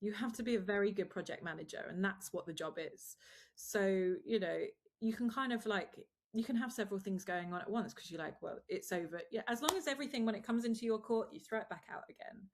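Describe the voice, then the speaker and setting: A young adult woman, a film producer, chatting casually as a guest in an interview, with quick asides and laughs. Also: mid-range voice.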